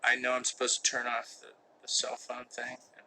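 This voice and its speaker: Chatting live from a room with a window that won't open, a middle-aged American actor reads fans' questions aloud and jokes back with mock seriousness. He talks briskly in a monotone, bright, forceful medium-pitched voice with few pauses, over poor audio with slight background noise.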